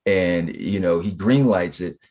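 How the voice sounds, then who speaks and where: A man's voice: sits low, unhurried, a little mellow. A man co-hosting a casual podcast, recapping old TV in a laid-back way, with many fillers. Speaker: podcast co-host. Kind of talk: casual chat.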